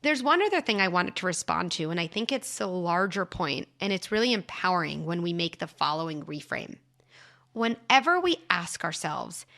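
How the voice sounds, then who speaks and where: A woman hosting an advice podcast on parenting, speaking in a calm, measured and reassuring way as she talks through reframes. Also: fairly low pitch, creaky. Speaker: podcast host, parenting advisor.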